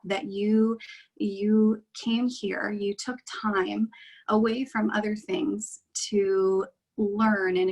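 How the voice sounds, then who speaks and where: A woman leading a guided meditation in a gentle, reassuring, unhurried way. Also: medium pitch, breathy edge, low-quality recording.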